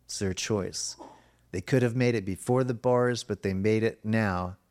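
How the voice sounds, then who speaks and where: A man preaching a sermon as pastor, earnest and emphatic, now and then slowing to a soft, drawn-out stress. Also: on the low side.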